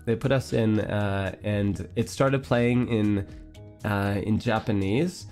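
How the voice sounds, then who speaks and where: A man's voice: fairly low pitch, fairly even intonation, slow pace, darkish tone, soft background music. A congested young man hosting a livestream, telling a story in casual chat with lots of fillers and frequent laughs. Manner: rambling, laughs often, many fillers. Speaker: livestream host.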